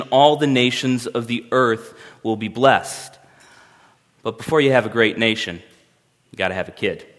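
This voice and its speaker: A man's voice: mid-range voice, fairly bright tone. A man preaching a sermon as pastor, talking in a conversational and emphatic way with wry humor. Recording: long hall reverb.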